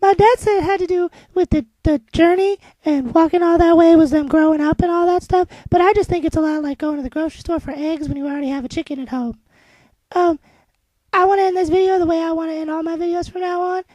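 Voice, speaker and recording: A woman playing an excitable, naive young child who rambles breathlessly in a comedic vlog. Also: extremely high pitch, quick pace, no room sound, voice pushed up. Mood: chirpy. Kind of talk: comedic kid-character vlog.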